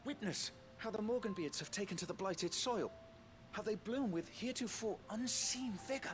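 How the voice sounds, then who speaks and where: A man's voice: sits high, normal speed, faint music behind, close to an everyday voice. An actor playing a formal, pompous male plant scholar in a video game, speaking in a florid way.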